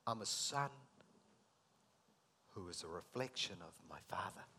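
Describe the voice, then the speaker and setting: A man preaching a sermon, acting out scripture dialogue and swinging between loud emphatic lines and soft intimate ones. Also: low-pitched, lively intonation, a little slow, a little hiss or hum.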